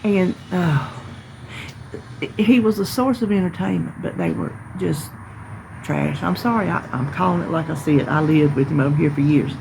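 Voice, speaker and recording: A woman telling a story about her neighbors outdoors in a folksy, emphatic, animated way. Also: low voice, moderate pace, gravelly, background noise. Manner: folksy, emphatic, animated retelling with hollered quotes. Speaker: vlogger. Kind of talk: casual storytelling.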